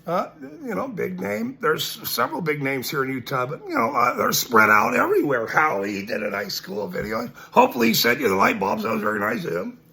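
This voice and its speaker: A man's voice: high-pitched, very animated, fairly quick, creaky, hardly any pauses, pushed and bright. A man ranting to camera, mocking and laughing between his lines and repeating his points emphatically. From Ireland. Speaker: citizen journalist.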